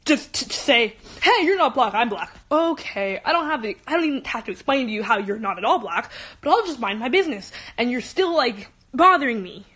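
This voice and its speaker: A woman's voice: on the high side, lively intonation, brisk, fairly bright tone, breathy edge. A teenage girl venting on a phone livestream. She is upset and rambling, with lots of "like" fillers. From United States. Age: late teens, high school student. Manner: upset and rambling, heavy "like" fillers, voice rising when agitated. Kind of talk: emotional venting monologue on a livestream.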